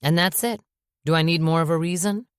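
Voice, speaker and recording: A woman narrator voicing a stubborn, protective father in an audiobook, with calm, matter-of-fact delivery. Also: fairly low pitch, brisk, smooth, dry recording, studio quality, lightly acted.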